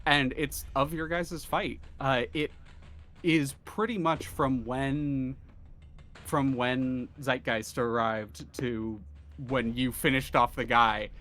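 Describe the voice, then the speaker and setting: A man's voice: mid-range voice, fairly even intonation, slow, a bit bright. A man narrating as game master in a tabletop game, with a rambling delivery full of fillers.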